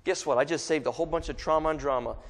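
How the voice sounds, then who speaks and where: A man's voice: a little high, racing, long reverb tail. A man preaching a sermon in a casual, joking way, acting out little asides and voices as he goes.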